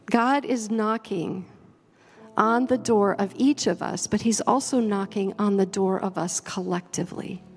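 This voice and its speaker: A woman pastor preaching a sermon slowly and earnestly, then leading her congregation through a prayer. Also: mid-range voice, steady tone, a little hiss or hum. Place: church sanctuary. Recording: long hall reverb, soft music behind.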